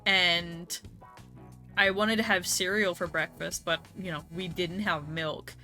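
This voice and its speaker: Bright-voiced young woman streamer chatting. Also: on the low side, fairly even intonation, measured pace, faint music behind. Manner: loose, swears freely, laughs often, talks to chat. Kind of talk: casual let's-play chat.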